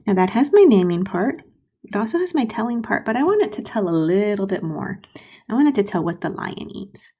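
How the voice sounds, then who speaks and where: A woman teaching first graders to write sentences, modeling slowly and sounding out syllables with patience. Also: mid-range voice, sing-song, warm tone, slightly rough. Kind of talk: recorded writing lesson for young children.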